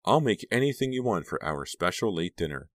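A man's voice: sits low, very animated, fairly quick, no room sound, voice pushed up. A man reading an audiobook, voicing a kindly middle-aged aunt who teases in a dry way. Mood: teasing. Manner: dry, gently teasing.

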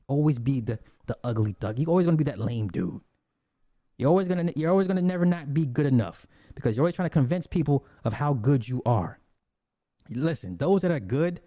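In casual commentary, a man rants bluntly and swears, circling back to repeat himself and restart lines. His voice is dark and mellow but on the high side, recorded close and dry with no echo.

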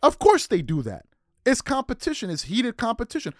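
Guy going off on a sports rant, high lively voice, aave, dry close sound. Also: a little fast, no echo. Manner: heated, incredulous, repetitive rhetorical questions. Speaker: sports commentary host.

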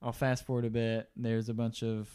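A man's voice: medium pitch, monotone, moderate pace, mellow, clean tone. A man casually rambling through a movie recap as a podcast co-host, checking his notes and laughing often.

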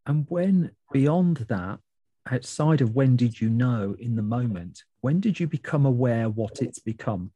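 Mellow-voiced male interviewer, chatty and stumbling. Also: mid-range voice, lively intonation, a little slow, husky, no echo. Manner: chatty, stumbling over words. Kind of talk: conversational interview.

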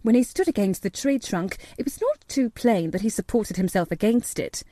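A woman narrating a storybook in a measured, steady reading voice. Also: mid-range voice, dry recording. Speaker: audiobook narrator.

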